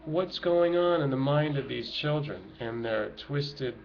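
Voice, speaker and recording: A man's voice: mid-range voice, unhurried, vocal fry. A middle-aged man speaking emotionally and urgently to his viewers from home, preaching in an impassioned monologue. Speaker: activist vlogger. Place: home with children nearby. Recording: dull lo-fi home recording with noise.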